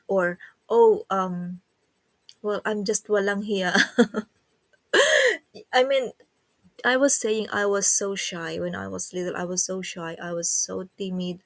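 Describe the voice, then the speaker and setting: A woman's voice: lowish voice, no room sound. A woman with a Filipino accent hosting a casual livestream, chatting and reading viewer comments aloud. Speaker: livestream host.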